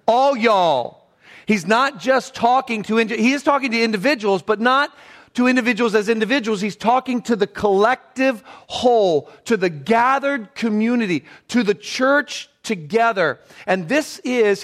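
A man from Pennsylvania, a pastor preaching an earnest sermon in a church sanctuary. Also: high voice. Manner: earnest preaching, slows and softens in prayer.

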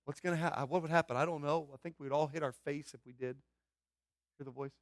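A man preaching a sermon, asking his listeners questions and swinging from loud outbursts to hushed asides. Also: on the high side, steady tone, fairly quick, dry recording, studio quality. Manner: asks the congregation questions. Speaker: pastor.

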